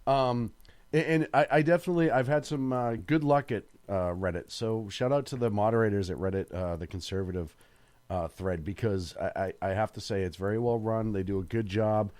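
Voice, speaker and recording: Halting, opinionated talk radio co-host. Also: male voice, fairly low pitch, a little mellow, no room sound. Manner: halting, many fillers and restarts, opinionated. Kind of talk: casual talk radio discussion.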